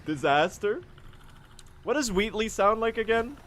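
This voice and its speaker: A man's voice: high-pitched, big pitch swings, a little slow, a bit bright, a little hiss or hum. A young man streaming a speedrun, chatting casually and joking as he answers his chat.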